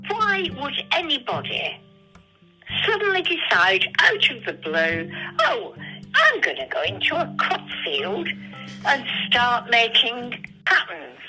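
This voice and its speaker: A woman speaks in a high, lively, very bright voice. She fires incredulous, blunt questions as a podcast guest. Soft music plays faintly behind her. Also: slow pace, rough recording. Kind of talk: casual chat.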